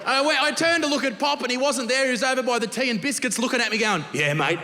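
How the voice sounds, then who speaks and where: A brash young Australian man telling crude, swearing stand-up stories, his voice pitched high for a man and bursting into shouts at the punchlines. He is on a theatre stage, his voice ringing with long hall reverb over steady background noise. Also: fast talker. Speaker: stand-up comedian. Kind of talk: stand-up comedy. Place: large theatre stage with audience laughter.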